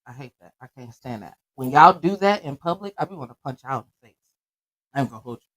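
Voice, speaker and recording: A middle-aged woman chatting casually as a podcast co-host, blunt and animated, often laughing. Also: rumbling low, fast talker. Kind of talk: casual chat.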